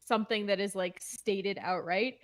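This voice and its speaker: A woman's voice: medium pitch, steady tone, moderate pace. A woman co-hosting a casual chat over a remote call with a poor connection, talking in a hesitant way, with lots of fillers and restarts. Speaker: podcast co-host. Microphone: remote call over a poor internet connection.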